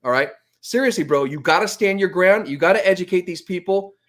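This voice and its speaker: A man's voice: sits high, fairly quick, a bit bright. A man in heated casual conversation, preachy and profane, often stumbling over repeated words as he pushes his point.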